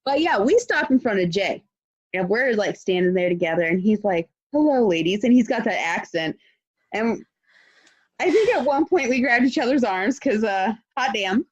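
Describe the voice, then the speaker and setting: A high-pitched woman with a lively, swooping voice tells a story in casual podcast chat. She gets excited, acts out what others said and swears freely. The sound is dry and somewhat dull. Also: moderate pace, husky, no room sound. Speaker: podcast co-host.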